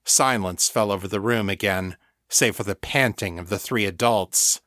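Man reading an audiobook, measured and steady, dry close mic. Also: lowish voice, no echo. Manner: measured, deliberate storytelling. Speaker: audiobook narrator. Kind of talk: scripted narration.

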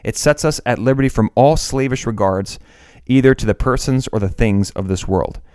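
Male podcast host, mid-pitched, dry and close, incredulous with stammered restarts. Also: moderate pace, dark tone, clean tone, no echo. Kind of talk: essay podcast monologue.

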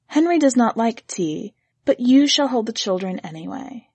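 Female narrator, measured and gently expressive, slightly husky tone, dry booth sound. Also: a little high, dry recording. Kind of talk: scripted story reading.

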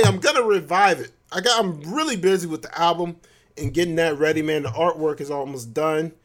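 His voice is on the high side and a bit bright as he delivers a casual solo monologue for his podcast. The host keeps things loose and jokey, frequently cracking up.

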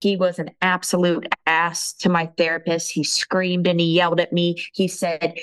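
A woman telling her own story of a painful relationship, halting and emotional, with frequent restarts. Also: fairly low pitch, completely flat delivery, rough recording. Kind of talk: personal testimony.

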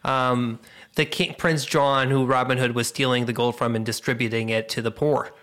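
A man's voice: medium pitch, flat delivery, normal speed, fairly bright tone. A man co-hosting a podcast, joking and teasing his friend in loose banter and laughing often. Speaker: podcast co-host. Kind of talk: casual banter.

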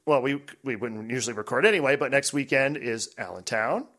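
Relaxed, rambling man hosting a podcast. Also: mid-range voice, fairly quick. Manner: relaxed, rambling, drifts off mic at times. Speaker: podcast host. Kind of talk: casual chat.

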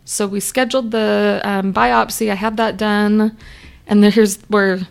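A woman's voice: medium pitch, flat delivery, unhurried, creaky, smooth. A young adult woman, an interview guest, telling a personal story in a candid, chatty way and acting out remembered dialogue.

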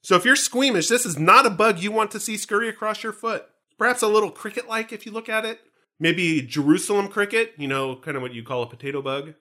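A man's voice: sits high, fairly quick. A man hosting a fan podcast, chatting casually and teasing his co-host with jokes. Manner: joking, teasing, animated.

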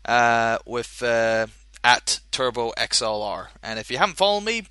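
Guy hosting a community podcast, bright voice, unhurried, dry close mic. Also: mid-range voice, very animated, clean tone, no echo. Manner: rambling, jokey, many fillers. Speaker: podcast host. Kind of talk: casual chat.

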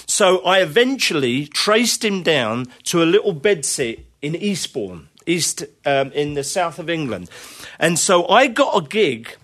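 A drummer appears as an interview guest, telling casual, rambling stories packed with fillers and laughter. He's chatty, and his male voice leans high with a fairly bright tone.

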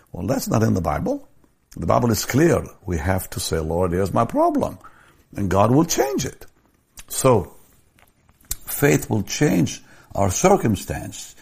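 Deep gravelly older man preaching. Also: darkish tone. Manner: storytelling, rising to emphatic stressed words. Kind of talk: sermon.

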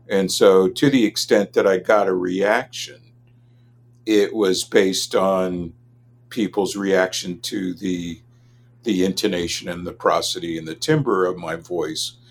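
A man from Los Angeles, a linguist answering interview questions in a measured, academic way. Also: low-pitched, a little hiss or hum. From Los Angeles, USA. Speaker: linguist, guest expert.

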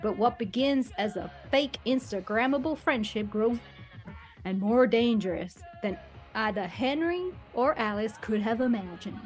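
A woman putting on a deliberately bad British-by-way-of-Texas accent to read a trailer-style synopsis in a drawl, with the words dragged out. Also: fairly high pitch, lively intonation, faint music behind. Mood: hammy. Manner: exaggerated mock accent, drawled.

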